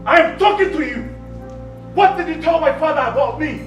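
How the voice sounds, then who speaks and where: Hot-headed Nigerian prince, sneering and accusing, pitch swings widely, film music under. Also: male voice, big pitch swings, unhurried. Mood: angry. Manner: accusing, sneering, shouts at times. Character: hot-headed young prince, resentful of his elder brother. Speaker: actor.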